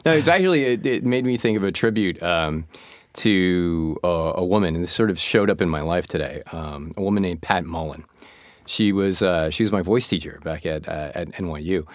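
A man with a very low, deep voice tells an earnest, reflective story as a show guest, often restarting his sentences. The sound is dry and close, with no room around it. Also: normal speed, no echo. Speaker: podcast guest. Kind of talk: casual storytelling.

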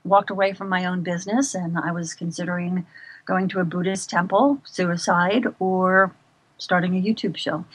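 A middle-aged woman talking in a casual interview, an animated and expressive storyteller. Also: on the low side, normal speed, slightly rough. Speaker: guest.

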